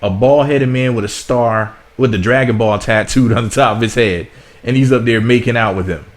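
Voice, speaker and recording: An American man rants through political commentary in a blunt, sarcastic voice. His pitch sits in a typical middle range. He often repeats himself as he builds his points. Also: normal speed. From United States. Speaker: commentary vlogger.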